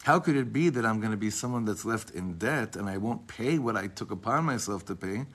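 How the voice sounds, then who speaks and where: A man's voice: fairly low pitch, lively intonation, fairly bright tone, breathy edge. Man teaching, emotional storyteller. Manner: reads passages slowly, then retells them with rising emotion; frequent restarts and casual asides. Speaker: teacher of a class. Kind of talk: storytelling lesson.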